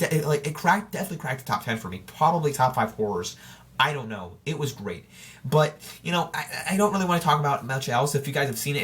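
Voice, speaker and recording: A man's voice: medium pitch, a bit bright. Rambling man hosting a casual podcast. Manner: rambling, with frequent restarts and self-corrections; informal and chatty, addressing listeners directly. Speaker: podcast host. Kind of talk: casual solo podcast chat.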